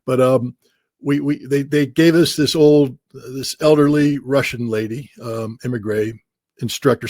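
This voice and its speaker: A man's voice: medium pitch, darkish tone, no echo. A man from the United States, an interview guest, telling wry, self-deprecating anecdotes and laughing often. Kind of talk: anecdotal storytelling.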